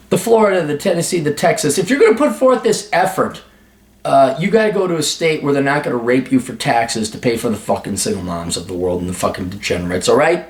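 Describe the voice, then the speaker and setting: A man's voice: medium pitch, lively intonation, quick pace. Foul-mouthed guy ranting advice, voice jumps all over, echoey room. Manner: blunt, profane, sarcastic. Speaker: advice show host.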